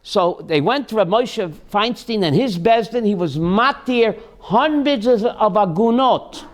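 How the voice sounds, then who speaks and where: A man's voice: high voice, lively intonation, measured pace. A man, a rabbi and host, tells a story on a call-in show, repeating key phrases for emphasis.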